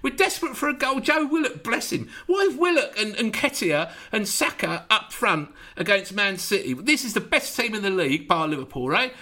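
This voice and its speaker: A man with a high, bright voice that leaps all over the place as he rants about his team. He keeps firing off sarcastic rhetorical questions in casual podcast chat. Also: big pitch swings, normal speed, few pauses. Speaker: podcast host.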